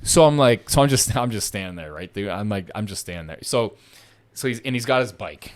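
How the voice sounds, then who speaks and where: A man's voice: fairly low pitch, brisk. A young man telling a story in casual podcast chat, swearing a lot and acting out what other people said. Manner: profane, animated, acts out the other people's lines.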